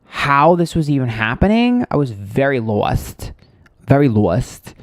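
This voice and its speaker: Male tarot livestream host, chatty storyteller, swears freely, dry close sound, middle pitch. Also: big pitch swings, unhurried, dry recording. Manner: rambling, profane, exasperated. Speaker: tarot reader hosting a livestream.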